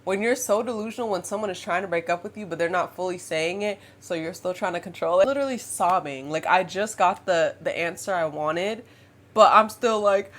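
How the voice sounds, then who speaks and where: A woman in her twenties tells a dating story straight to her viewers in a casual storytime vlog. She is chatty and animated, calling her audience y'all and girl. She breaks into laughter often as she talks. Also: lowish voice, fairly quick. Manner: laughs often while telling. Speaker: vlogger.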